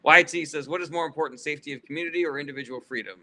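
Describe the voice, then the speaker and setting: Bright-voiced man bluntly answering livestream chat. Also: fairly high pitch, rapid-fire. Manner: blunt and profane, with frequent fillers; gets heated and sarcastic with chatters. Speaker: livestream host answering viewer questions. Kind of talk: casual livestream Q&A, reading chat aloud.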